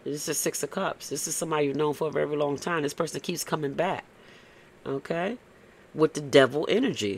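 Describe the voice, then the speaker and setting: A man's voice: fairly high pitch, a little fast, creaky, husky. A man giving a casual, blunt tarot reading, tagging "okay?" onto his points and cursing freely. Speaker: tarot reader.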